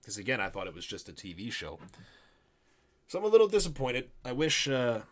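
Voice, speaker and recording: A grown man co-hosting a casual movie review chat, animated and laughing, trailing off into low mumbles. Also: brisk. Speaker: podcast co-host.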